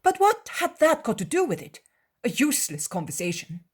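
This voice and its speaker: A woman's voice: high-pitched, huge pitch swings, moderate pace, husky, pitched above the performer's own voice, exaggerated voice. A woman voicing a young male apostle who presses with eager, insistent questions in a dramatized audiobook. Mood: probing. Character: prying, anxious male apostle, young man.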